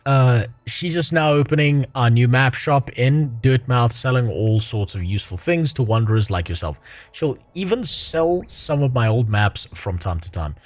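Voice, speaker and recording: A man's voice: mid-range voice, expressive, moderate pace, no room sound, lightly acted. A man reading aloud the lines of a cheerful bug mapmaker from a video game. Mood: friendly. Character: chatty male bug mapmaker, cheerful wanderer.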